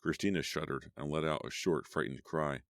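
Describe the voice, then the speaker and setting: Very deep-voiced male horror narrator. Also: normal speed, no room sound, studio quality. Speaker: audiobook narrator. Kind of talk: scripted horror audiobook narration.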